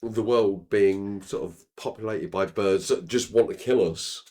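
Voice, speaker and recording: A man's voice: lowish voice, measured pace, mellow. A man co-hosting a casual chat, rambling and piling on filler phrases. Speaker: co-host.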